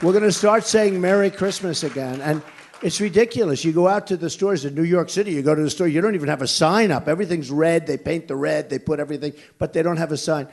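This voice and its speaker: A man's voice: fairly high pitch, fast talker, darkish tone, a faint crowd. Older male candidate, rally Q&A, blunt and repetitive, slightly raised voice. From United States. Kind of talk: campaign rally Q&A. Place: large indoor venue.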